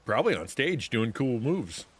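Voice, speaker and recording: A man's voice: medium pitch, big pitch swings, moderate pace, breathy edge. A man livestreaming a video game, talking in a rambling, chatty, self-interrupting way. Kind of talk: casual gameplay commentary.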